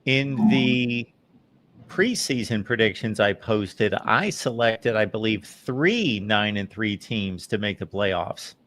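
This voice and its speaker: Bright-voiced male sports talk host. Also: on the low side, expressive, takes it slowly. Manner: emphatic, opinionated commentary. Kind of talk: live postgame sports talk.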